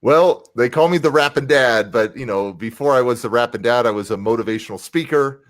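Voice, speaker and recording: A man's voice: medium pitch, a little fast, no room sound. A man from the United States, a motivational speaker and rapper, talking as a guest on a casual livestream interview over a video call. He stays upbeat and keeps greeting live viewers by name while he talks.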